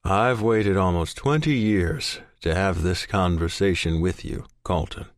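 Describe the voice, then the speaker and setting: A man narrating an audiobook, voicing a calm, steady middle-aged adoptive father who speaks earnestly and firmly, recorded dry and close. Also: on the low side, no room sound. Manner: earnest and measured, rising to stern. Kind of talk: audiobook character voice.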